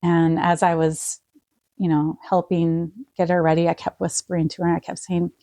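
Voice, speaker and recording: A middle-aged woman, a podcast guest, quietly telling an emotional personal story with many pauses and fillers. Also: fairly low pitch, flat delivery, no room sound, clean studio sound.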